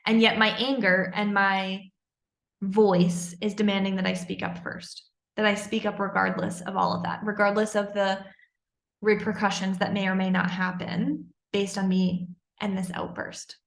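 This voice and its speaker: A woman's voice: mid-range voice, little pitch movement, moderate pace. Woman telling her own story straight to camera, earnest and intense, bit of room echo. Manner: candid, earnest, intense retelling. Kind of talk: personal storytelling monologue.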